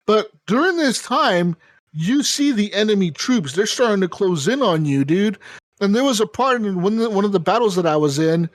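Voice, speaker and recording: A man's voice: sits high, expressive, normal speed, dry recording. A man hosting a podcast, describing a video game in a rambling, profane casual chat. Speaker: podcast host.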